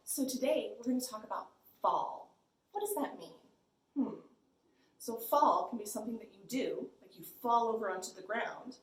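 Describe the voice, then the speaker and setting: A woman's voice: medium pitch, fairly bright tone. A young woman librarian leading a children's storytime, bubbly and sing-song. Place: library room. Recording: echoey room.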